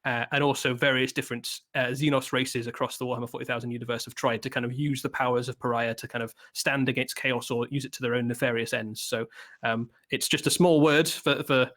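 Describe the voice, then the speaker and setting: A man's voice: medium pitch, fairly even intonation, fairly quick, a bit bright. A man presenting product previews on a live stream, talking with many ums, uhs and restarts.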